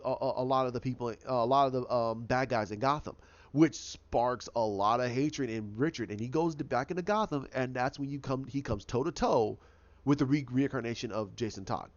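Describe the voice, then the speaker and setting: A man's voice: medium pitch, moderate pace, highs cut off. A man giving a casual, rambling recap of a TV episode, often repeating himself and restarting his sentences. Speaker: show recap host.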